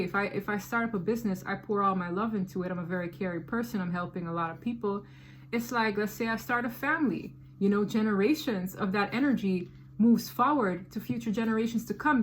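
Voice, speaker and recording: A woman gives a casual tarot reading in a voice pitched a little high. She talks in an animated, slangy way and leans hard on her points. A faint hiss of background noise sits under her voice. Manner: animated, slangy, emphatic storytelling. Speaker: tarot reader.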